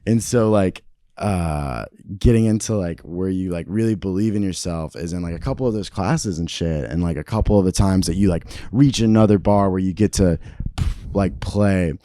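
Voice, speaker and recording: A man's voice: low voice, moderate pace, dark tone, dry recording, studio quality. A young man, an actor guest on a podcast, talking loosely with lots of fillers and swearing. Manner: rambling, heavy on fillers and swearing. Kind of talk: casual podcast conversation.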